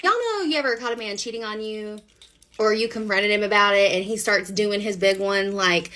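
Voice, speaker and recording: A woman telling her own story to the camera in a casual, animated, chatty way. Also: medium pitch, moderate pace. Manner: animated, chatty, many fillers. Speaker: storyteller sharing a personal story.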